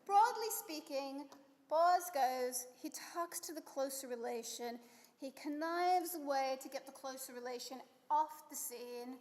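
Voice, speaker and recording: A woman teaching a text study session to a group, animated and lively, acting out quoted lines with sudden jumps in her voice. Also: high voice. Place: synagogue hall. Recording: long hall reverb.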